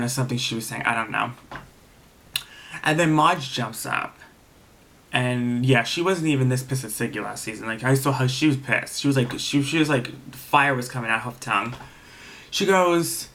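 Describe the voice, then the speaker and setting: A man at a middle pitch casually recaps a reality show episode. He rambles and restarts his sentences often. He speaks frankly and swears freely. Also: moderate pace, a bit bright. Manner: rambling, many fillers and restarts. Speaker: TV episode reviewer.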